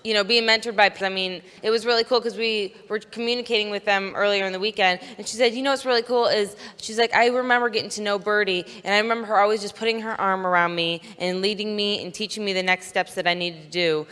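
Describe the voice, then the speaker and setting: A woman's voice: mid-range voice, steady tone, fast, few pauses, a bit bright, smooth. A woman giving an earnest motivational talk on stage, telling stories and quoting others as she goes. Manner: earnest, storytelling, quotes others in her own voice. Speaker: speaker at a business convention. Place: stage in a large venue. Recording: large hall with long reverb.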